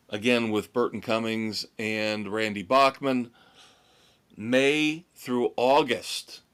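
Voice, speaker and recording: On his rock podcast, this American host talks through the latest tour news in a fairly bright, mid-range voice. His delivery is drawn-out, and he's chatty and full of opinions in this casual music news roundup.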